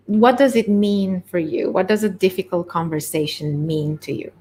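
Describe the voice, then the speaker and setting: A woman coaching on leadership in an earnest, conversational way, pausing on fillers, her voice a little hoarse. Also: medium pitch. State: voice catching, slightly hoarse. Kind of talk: webinar-style coaching talk.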